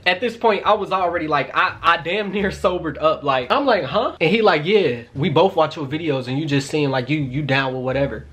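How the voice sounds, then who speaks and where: A man in his twenties telling a casual storytime to his viewers, animated and profane, talking straight to them. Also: fairly high pitch, a little fast, hardly any pauses. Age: 20s. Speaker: YouTuber.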